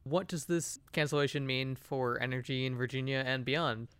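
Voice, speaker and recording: A male interviewer puts short, direct questions to his guest. His voice is bright and forceful, clean and crisp, and recorded very dry with no room sound. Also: mid-range voice, moderate pace, no room sound.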